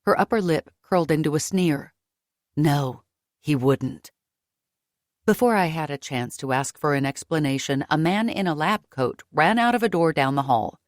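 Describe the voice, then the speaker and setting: Woman audiobook narrator, lower voice, dry close recording, first-person storytelling. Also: brisk, hardly any pauses, no room sound. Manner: lively, raising pitch for her own character's dialogue.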